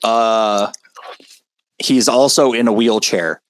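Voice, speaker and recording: A man's voice: on the low side, slow, no room sound. A man chatting casually with a goofy, jokey manner. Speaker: podcast co-host. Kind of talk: casual chat.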